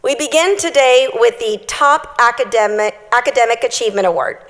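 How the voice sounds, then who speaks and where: A woman with a rather high voice emcees a ceremony, announcing awards in an upbeat, friendly way. Her voice carries a long reverb through a large hall. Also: a little fast, soft background music.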